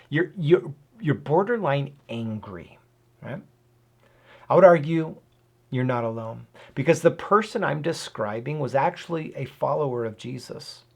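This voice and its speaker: A man's voice: medium pitch, a little mellow. Earnest man giving a casual Bible talk. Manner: earnest and emphatic, with rhetorical questions and tag "right?". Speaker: host of a Bible and whiskey channel. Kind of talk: casual Bible teaching to camera.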